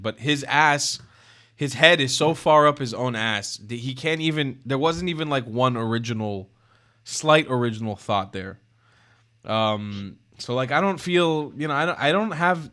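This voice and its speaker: Brash, bright-voiced male stream host. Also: medium pitch. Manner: loud mock-crying laughter, swearing, teasing; fast, brash, blunt talk to callers. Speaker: livestream host. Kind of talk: casual live-stream debate chat.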